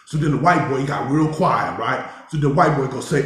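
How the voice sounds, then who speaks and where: A man from Oakland telling prison stories in a streetwise, animated way while he cooks, growing heated as he tells of confrontations. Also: a little high, fast talker. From Oakland, California. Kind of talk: casual storytelling while cooking. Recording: very echoey room, faint noise.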